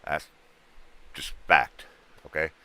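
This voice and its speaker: A man hosting a livestream, bluntly pitching ghost hunting gear in rough, casual sales patter. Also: slow, sharp tone, no room sound. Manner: rough-spoken, blunt, salesman patter with sound-effect noises.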